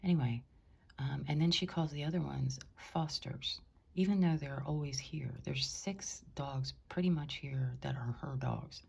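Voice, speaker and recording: A woman speaking in a hushed, indignant way, often whispering, as she records from her bedroom on a top floor. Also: low voice, measured pace, gravelly, slightly rough, dull audio. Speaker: concerned housemate.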